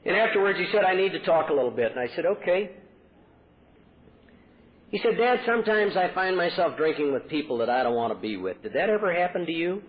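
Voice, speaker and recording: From a podium, a middle-aged man from Texas tells of his recovery, earnestly acting out what people said. His high voice is sing-song and fairly quick, recorded on tinny, lo-fi 1980s convention tape.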